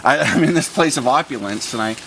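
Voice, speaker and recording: Animated man telling a story. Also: medium pitch, a little fast, vocal fry, slight background noise. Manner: animated, mimics voices and sounds, laughs often. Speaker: vlogger telling a childhood story. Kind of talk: casual storytelling.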